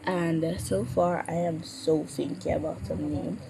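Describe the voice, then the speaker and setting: Woman, puppeteer, sore throat, stumbling words, slow, lowish, noisy background. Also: gravelly. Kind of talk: casual chat. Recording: steady background noise.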